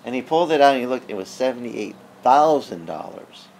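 A male pastor telling a story in a sermon, animated and conversational, acting out the people he quotes. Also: medium pitch, brisk, gravelly, slight background noise. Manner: conversational with frequent restarts.

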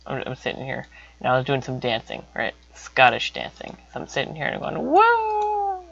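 A young man telling a casual story about himself in a rambling way, repeating words and breaking into sudden high exclamations. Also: little pitch movement, fairly quick, gravelly, bright, forceful tone. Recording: dull lo-fi recording.

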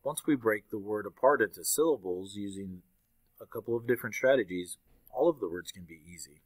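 A man's voice: lowish voice, animated, brisk, no room sound. A young man teaching a recorded fourth-grade lesson, upbeat and patiently explaining step by step.

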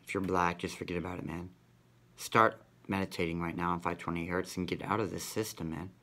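A man's voice: deep voice, level tone, fairly quick, sharp tone. A man vlogging in a rambling, profane monologue, ending nearly every sentence with "man". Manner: rambling, repeats "man" constantly; profane, conspiratorial.

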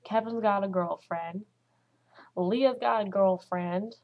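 A teenage girl chatting to camera at home in a casual vlog, talking fast and dramatizing what others said. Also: mid-range voice, lo-fi sound. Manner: chatty, dramatic, acts out quotes. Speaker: vlogger.

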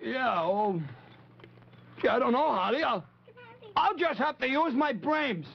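Fretful puppet, very high, gravelly, lively swoops, dull old TV audio. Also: male voice, unhurried, exaggerated voice. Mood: worried. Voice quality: high creaky raspy voice. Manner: stammering, fretful. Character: timid nervous male puppet posing as a chief. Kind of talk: 1950s children's TV puppet show.

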